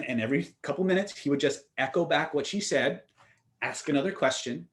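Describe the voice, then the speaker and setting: A man's voice: a little high, fairly quick, slight background noise. A man teaching communication skills in a seminar, telling stories and speaking emphatically, with direct rhetorical questions. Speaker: influence and communication trainer.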